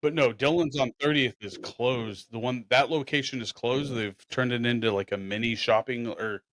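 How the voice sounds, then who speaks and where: A man's voice: mid-range voice, normal speed. A man hosting a podcast, telling rambling hometown stories in a casual chat. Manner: rambling, animated storyteller with restarts. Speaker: podcast host.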